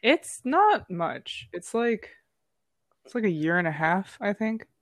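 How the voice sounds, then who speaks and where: A woman's voice: mid-range voice, sing-song, slow pace, no room sound, clean studio sound. A young woman chatting casually in an easygoing, teasing way. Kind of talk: casual chat.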